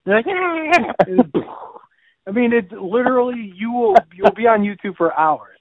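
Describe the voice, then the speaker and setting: A man's voice: high voice, a little fast. A man co-hosting a casual gaming podcast, telling rambling jokey stories and bleating like a goat now and then. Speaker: podcast co-host. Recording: tinny phone-like line.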